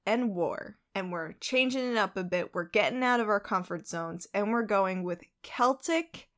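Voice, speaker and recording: Young woman, New York accent, podcast co-host, casual chat, self-deprecating, mid-range pitch. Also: moderate pace, a bit bright.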